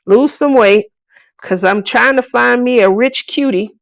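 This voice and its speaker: Lady in her 40s chatting on a craft stream, gravelly, a bit high, slow and playful. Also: no echo. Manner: playful, laughs often, reads chat aloud. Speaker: craft channel host. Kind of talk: casual live-stream chat.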